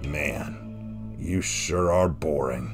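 A man voicing a grim, weary male knight who growls his lines low and dry. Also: lively intonation, a little slow, faint music behind. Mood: growling.

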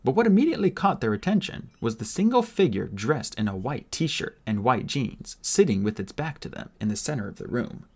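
A husky male narrator reads a fantasy novel aloud, reading in a casual, amateur style. His pitch swings in a lively way through each sentence. He voices the characters with energy. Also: brisk, few pauses. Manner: expressive, animated reading with voices. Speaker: audiobook narrator.

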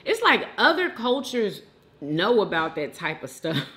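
A woman chatting away on her eating show, her voice swinging high and low as she talks, with a bright, forceful tone. she gushes to her viewers and keeps calling them "y'all". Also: measured pace. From United States. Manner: animated and effusive, talks straight to viewers as "y'all". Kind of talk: casual eating-show chat.

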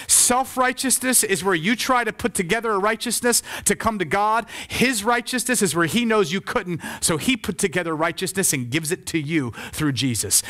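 A male pastor preaching a sermon, swelling loud and then dropping soft. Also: sits high, moderate pace, few pauses.

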